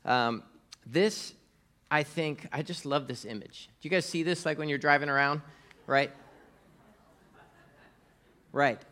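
A man's voice: a little high, measured pace, pauses often, sharp tone. Man preaching a conversational sermon. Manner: conversational, with fillers and audience prompts. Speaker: pastor.

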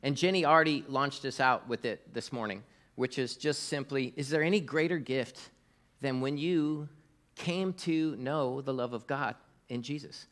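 A middle-aged man preaching in a loose, conversational way, with plenty of filler words and asides to the congregation. His voice sits in a middle pitch, and his delivery swings between quiet and emphatic. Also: moderate pace. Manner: conversational, with fillers and audience prompts. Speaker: pastor. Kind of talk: sermon.

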